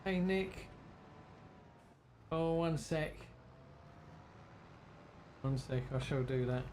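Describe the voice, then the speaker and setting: An English man streams a farming game and chats away to his viewers, his voice altered by a filter that sits a touch higher than usual. A steady background hiss runs under the home recording, and he talks to himself while he works. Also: very slow. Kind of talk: casual gaming commentary.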